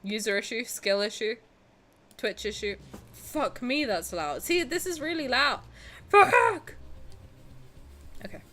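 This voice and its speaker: Bubbly, lively young woman streamer. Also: a little high, unhurried, slight background noise. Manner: animated and cheeky, swears and laughs often. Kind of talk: casual live-stream chat. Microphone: headset with headphones.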